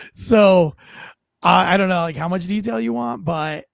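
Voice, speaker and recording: A man's voice: sits high, takes it slowly, gravelly, no echo. An American man, a former police officer turned comedian, telling stories bluntly and with self-mocking profanity in a casual interview. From United States.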